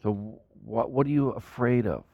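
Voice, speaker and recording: A man preaching a sermon as a pastor, in animated style with sudden loud bursts and quiet drops. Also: mid-range voice, normal speed, gravelly, no echo, phone-quality sound.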